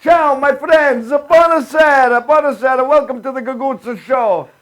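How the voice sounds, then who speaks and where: A man's voice: very high voice, normal speed, fairly bright tone. A man playing a jolly old-country Italian pizza maker with an Italian accent, speaking broken English and laughing at his own jokes. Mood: jovial. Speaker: show opener.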